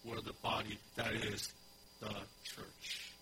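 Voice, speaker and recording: A man with a lowish, monotone voice speaks slowly over a noisy background. He's a pastor delivering an expository sermon, working through scripture verse by verse, repeating key phrases for emphasis, and asking his congregation questions.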